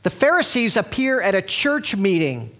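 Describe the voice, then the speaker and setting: Animated conversational male preacher. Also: normal speed. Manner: conversational storytelling with restarts; animated, sweeping pitch. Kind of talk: sermon.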